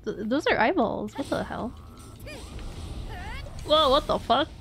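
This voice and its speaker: A woman's voice: mid-range voice, slow pace, pauses often, a bit bright, a little hiss or hum. A woman streamer chatting casually while playing, rambling through stories and laughing often. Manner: giggly, rambling storytelling with frequent laughs. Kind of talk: casual gameplay chat.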